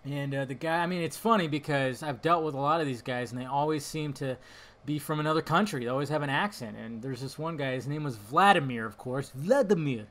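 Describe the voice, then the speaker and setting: Rambling, bright-voiced male podcaster. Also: mid-range voice, brisk. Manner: rambling, goes off on tangents, swears casually. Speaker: podcast host. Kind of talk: casual rambling monologue.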